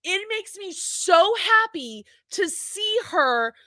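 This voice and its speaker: Middle-aged female co-host, high bright voice, dry close mic, gushing and repetitive. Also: sing-song, slow, dry recording. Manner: gushing, enthusiastic, repeats phrases. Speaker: podcast host. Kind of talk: casual chat.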